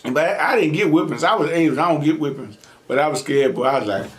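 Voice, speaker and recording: Animated storyteller man, slightly high voice. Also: fast talker. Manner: animated, laughs often, acts out quotes. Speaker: mukbang host. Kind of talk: casual storytelling while eating.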